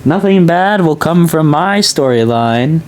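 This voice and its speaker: A man's voice: fairly high pitch, expressive, unhurried, a little mellow, slight background noise, pitched above the performer's own voice. A man voicing a sly, scheming woman caller who sarcastically pretends to be innocent. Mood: mock-innocent. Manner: mock-sweet, sarcastic.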